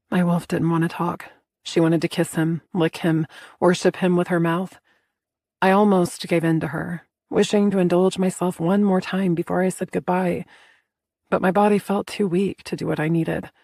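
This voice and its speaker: A woman narrating a first-person romance audiobook in a soft, intimate storytelling manner. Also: fairly low pitch, little pitch movement, moderate pace, dry recording, clean studio sound.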